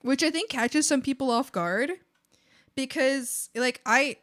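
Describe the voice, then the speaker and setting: A woman's voice: sits high, a little slow, a bit bright. A young woman streams live and chats casually while she draws. Her American accent sounds like a native English speaker's, though Spanish was her first language. She rambles, restarts her sentences and fills the gaps with "um" and "like.". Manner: rambling, many fillers and restarts. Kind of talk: casual chat while drawing.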